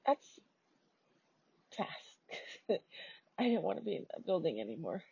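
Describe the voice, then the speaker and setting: Slow, gravelly woman on a lo-fi recording. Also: on the low side, sing-song, mellow, dry recording. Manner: swears casually, with many fillers. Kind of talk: casual personal story telling. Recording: dull lo-fi recording.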